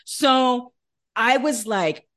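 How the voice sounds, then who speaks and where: A woman guest on an interview podcast, telling a personal faith story in an earnest, animated way and acting out the voices she quotes. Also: on the high side, very slow. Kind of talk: conversational testimony in an interview.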